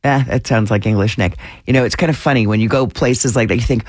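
A woman's voice: rumbling low, quick pace, hardly any pauses, darkish tone, no echo. A woman radio DJ chatting casually on air, teasing and laughing easily. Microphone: studio microphone.

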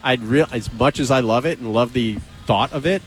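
Excitable male sports-radio host. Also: mid-range voice, normal speed, soft background music. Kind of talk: casual sports chat.

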